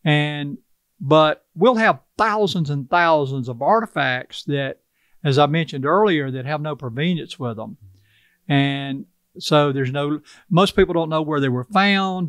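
A man's voice: on the high side, a little slow, fairly bright tone, smooth, no room sound. An older man from South Carolina with a Carolina Southern accent, talking in a folksy, earnest way as an interview guest. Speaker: tribal chief, interview guest. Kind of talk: casual interview talk.

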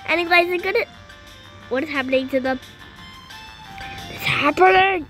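A young girl giving casual gameplay commentary, getting excitable and frustrated at the game. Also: very high voice, normal speed, pauses often, faint music behind. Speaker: gamer.

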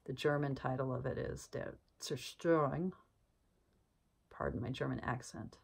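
Low-voiced woman musing on tarot. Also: steady tone, a little fast, gravelly, darkish tone, slightly rough, rough recording. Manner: musing, chatty, many fillers. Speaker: tarot channel host. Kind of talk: casual talk to camera.

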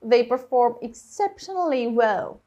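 A woman teaching English vocabulary, explaining words clearly and reading example sentences with stressed key words. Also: fairly high pitch, animated, a little slow, warm tone. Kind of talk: slow, clear vocabulary lesson.

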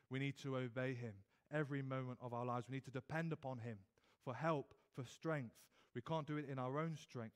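A man with a British accent preaching an evening sermon in church, earnest, often restarting and repeating words as he builds emphasis. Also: fairly high pitch. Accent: British English.

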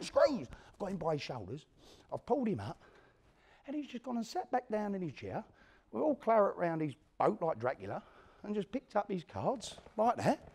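An actor playing an older East London career criminal, telling a prison story in a one-man stage monologue with an East London accent. He swings between loud quoted lines and a low hush. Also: full character voice.

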